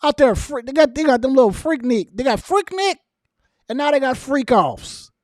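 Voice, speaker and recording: A man voicing a grumbling, scandalized old man in a high, exaggerated whine. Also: animated, moderate pace, no room sound, clean studio sound.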